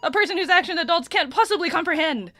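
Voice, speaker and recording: A woman voicing a loud, eager young male police officer who shouts and ends his lines with "sir". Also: extremely high pitch, lively intonation, quick pace, no room sound, soft background music, voice pushed up, exaggerated voice. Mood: frantic.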